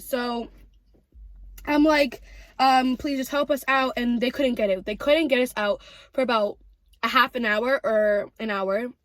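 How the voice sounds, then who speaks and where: A young woman vlogger telling a story while eating, chatty and animated, full of "like" and "literally". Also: high-pitched, no echo.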